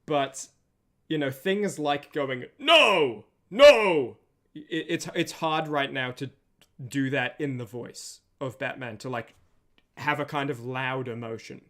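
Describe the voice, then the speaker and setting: A man's voice: medium pitch, steady tone, measured pace, fairly bright tone. Tired guy chatting on his stream, rambly, keeps restarting sentences. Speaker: streamer and voice animator. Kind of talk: casual stream chat.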